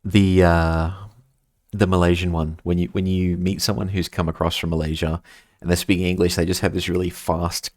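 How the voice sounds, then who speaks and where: A man's voice: low voice, dry recording, studio quality. An Australian man streaming a game, chatting casually and rambling while reading his chat aloud.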